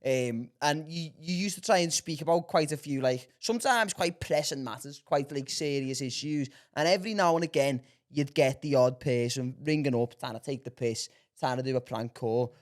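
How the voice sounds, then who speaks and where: A man's voice: medium pitch, moderate pace, hardly any pauses. A man from the Liverpool area hosting a casual podcast, rambling and stammering through his questions. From Liverpool area, England. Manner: rambling, stammers and restarts, laughs often. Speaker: podcast host.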